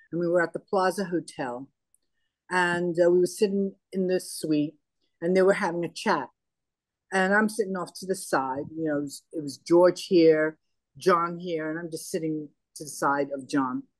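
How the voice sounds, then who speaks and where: An older woman recounts anecdotes in a relaxed, conversational way and voices the dialogue as she tells it. Her voice sits on the low side, recorded close and dry with no room sound. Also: a little slow, dry recording. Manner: anecdotal, animated retelling with quoted dialogue. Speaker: interview guest. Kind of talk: conversational storytelling.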